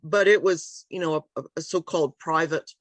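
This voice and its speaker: A woman's voice: sits low, moderate pace, no echo. A woman author being interviewed over a video call, talking in a meandering, hesitant way with many ums and restarts. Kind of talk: casual conversational interview.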